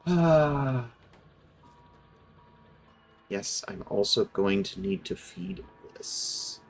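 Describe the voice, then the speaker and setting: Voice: medium pitch, animated, drawn-out words, vocal fry, soft background music. A streamer giving casual, chatty commentary over a factory-building game, explaining its mechanics with amusement.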